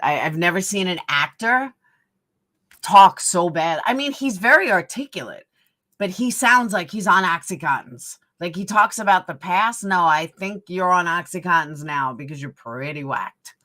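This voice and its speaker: A woman's voice: lowish voice, lively intonation, normal speed, bright, forceful tone. A middle-aged woman with a New York accent, chatting bluntly on a live stream and answering viewer comments. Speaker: livestream host. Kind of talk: casual live-stream chat.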